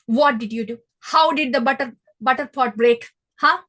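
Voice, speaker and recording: A stern but loving mother who scolds her child with sharp questions, as a woman storyteller acts her out. Her voice is raised and a little husky. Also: a little high, measured pace. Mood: scolding.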